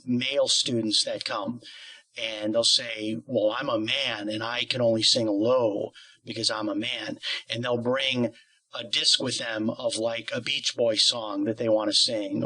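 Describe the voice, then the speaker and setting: Bright-voiced male interviewer. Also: medium pitch, poor audio. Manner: explains at length with many qualifiers. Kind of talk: conversational interview.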